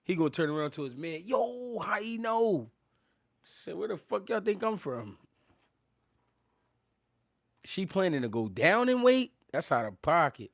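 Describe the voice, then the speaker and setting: A man's voice: fairly high pitch, sing-song, normal speed, vocal fry, long pauses, a bit bright. Loose-talking man hosting a live stream. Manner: loose, laughing, thanks viewers, slangy street talk. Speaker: boxing livestream host. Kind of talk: casual live-stream chat.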